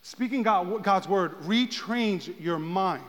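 A man preaching a sermon as pastor, swinging from hushed talk to shouted passages. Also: high-pitched, takes it slowly. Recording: long hall reverb.

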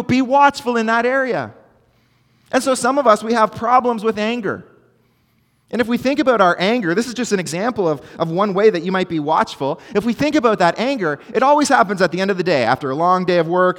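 A fairly high-voiced man preaches earnestly to his congregation, driving points home with repetition. His words ring out with a long hall reverb. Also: fairly bright tone. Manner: earnest, emphatic preaching with repeated phrases. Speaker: pastor. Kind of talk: sermon.

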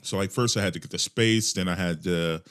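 A man's voice: low voice, fairly quick, fairly bright tone. A man hosting his own podcast alone, talking casually in a rambling, jokey and profane way into a desk mic. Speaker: podcast host. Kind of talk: casual solo podcast monologue. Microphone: desk microphone with headphones.

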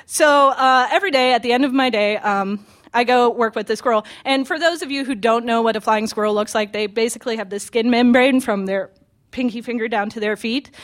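A young woman in her twenties from Pennsylvania telling a funny personal story on stage, chatty and self-mocking. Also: on the high side. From Pennsylvania, USA. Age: 20s. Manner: chatty, self-mocking, many ums and restarts.

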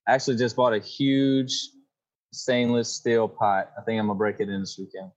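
A man's voice: on the low side, little pitch movement, moderate pace, muffled recording. A man in his thirties from Louisiana with a Cajun accent, chatting easily as a podcast guest. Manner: easygoing, laid-back storyteller. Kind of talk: casual chat.

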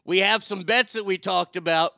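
A man's voice: sits high, moderate pace, gravelly, bright, forceful tone, no room sound, clean studio sound. A man hosting a casual live chat, reading viewer comments aloud and swearing freely. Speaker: talk show host reading chat.

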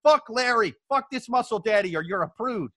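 A man putting on an indignant young woman who yells at her boyfriend in mock outrage. The voice is high and forcefully bright. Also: expressive, very fast.

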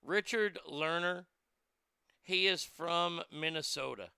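A man's voice: a little high, unhurried, creaky, bright, forceful tone, smooth, no echo, studio quality. A man working as a radio DJ, reading odd news and ranting about it in a sarcastic, crude, rambling way. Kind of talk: profane talk radio commentary.

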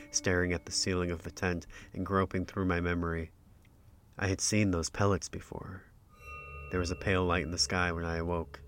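A man narrates a first-person tale in a very low voice that stays level and unhurried. His tone is bright and clear on top of that depth, with measured, literary phrasing throughout. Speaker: storyteller.

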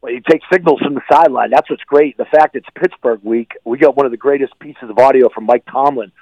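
A man speaking as a guest football analyst on a radio show, giving blunt and animated opinions over a remote line. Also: mid-range voice, quick pace, no room sound. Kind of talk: casual sports radio chat. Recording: dull lo-fi line, dry.

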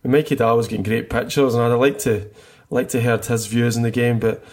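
Husky-voiced man talking football. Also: medium pitch, steady tone, fairly quick, darkish tone. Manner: enthusiastic, rambling with restarts. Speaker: podcast co-host. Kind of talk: casual football chat.

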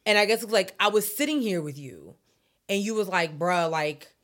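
A young woman co-hosting a podcast, telling stories in expressive casual slang. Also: mid-range voice. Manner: expressive, slangy storytelling with quick asides. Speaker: podcast co-host. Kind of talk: casual chat.

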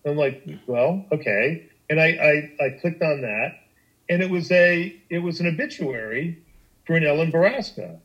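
A middle-aged man telling a personal story on a podcast, animated and emphatic, with frequent restarts and swearing. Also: a little high, moderate pace, dull audio. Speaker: guest storyteller.

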